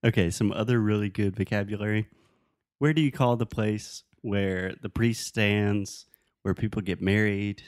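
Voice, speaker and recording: A man co-hosting a casual chat patiently and playfully coaches his partner's English pronunciation. His fairly low voice is steady and at normal speed, in a dry, clean studio recording.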